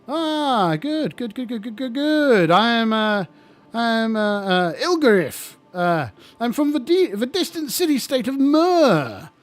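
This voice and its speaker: A man's voice: very high-pitched, big pitch swings, measured pace, voice pushed up, exaggerated voice. A man voicing a genial undead lich official who is fawning, stammering and overly polite. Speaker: solo tabletop player.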